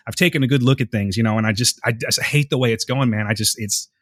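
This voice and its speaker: A man's voice: medium pitch, quick pace, dry recording, studio quality. A man co-hosting a podcast, talking earnestly and emotionally in casual discussion, rambling and restarting his sentences. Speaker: podcast co-host.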